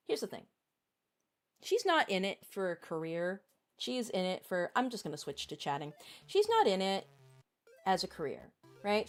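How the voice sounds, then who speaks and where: Woman, casual stream chat, rambling, filler words, faint music behind. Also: mid-range voice. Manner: rambling, many fillers, candid.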